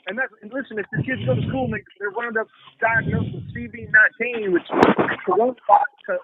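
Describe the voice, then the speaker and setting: A man's voice: extremely high pitch, steady tone, fast. A man in casual conversation, talking in a rambling, profane way and repeating himself. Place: lives in Texas. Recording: tinny phone-like line, faint hiss.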